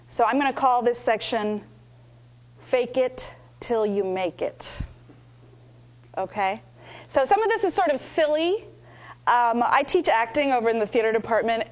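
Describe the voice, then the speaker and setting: A woman acting teacher guiding a workshop in a measured way, with frequent ums. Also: on the high side, muffled recording. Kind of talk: workshop instruction.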